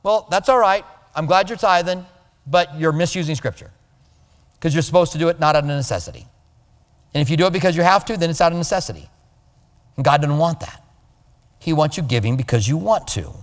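Guy preaching, kinda high voice, lively, big echoey hall sound. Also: a little fast, long pauses. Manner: animated, mimics voices of others. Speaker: pastor. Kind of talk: conversational sermon.

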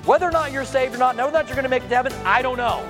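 A man's voice: very high-pitched, very fast, over music. A male pastor preaching a sermon with emphasis and rhetorical questions, acting out the voices of people he quotes. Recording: echoey hall reverb.

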